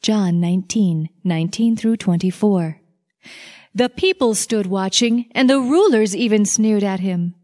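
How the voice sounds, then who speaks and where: A woman reading Bible passages aloud in a measured, deliberate scripted reading. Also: medium pitch, dark tone. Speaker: scripture reader.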